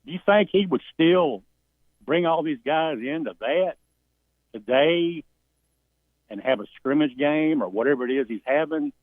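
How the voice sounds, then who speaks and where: A man's voice: on the high side, expressive, a little slow, long pauses, no room sound. A man calling in to a sports talk show, giving folksy, emphatic opinions. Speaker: caller. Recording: tinny phone line.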